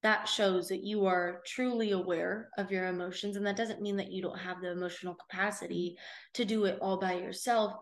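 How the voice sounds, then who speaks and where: Earnest young woman from Southern California. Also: mid-range voice. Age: young adult. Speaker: guest, host's daughter. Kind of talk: personal storytelling.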